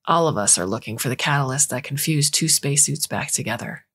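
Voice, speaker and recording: A woman playing a melancholy alien presence that talks through a grown father in an audiobook story. Its voice sits low and dark, soft and subdued. The delivery stays hushed and sorrowful. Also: expressive, fairly quick, husky, exaggerated voice. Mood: mournful.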